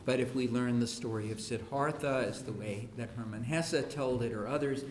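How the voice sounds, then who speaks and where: Speaking at normal speed in a medium pitch, this education speaker entertains an audience with humorous stories, doing the voices of the kids and parents he quotes. The setting is a school hall, and the recording has echo and a faint hiss.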